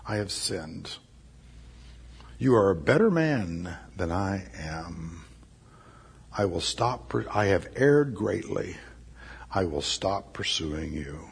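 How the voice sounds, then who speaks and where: A man voicing a remorseful male king in a sermon retelling, speaking slowly and quietly. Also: sits low, expressive, vocal fry, husky, big-room sound, pitched below the performer's own voice, heavily acted. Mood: contrite. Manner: slow, subdued, contrite.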